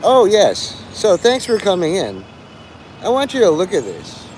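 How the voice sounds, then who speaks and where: A man's voice: sits high, wildly swooping pitch, a little slow, a little mellow, a little hiss or hum. A man livestreaming, rambling and teasing his chat, breaking into mock-angry, swearing rants.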